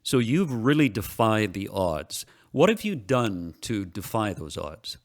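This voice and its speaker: A man's voice: lowish voice, very animated. A man hosting a radio show, asking a guest long, careful questions. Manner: measured, asks long researched questions with fillers. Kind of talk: interview questions.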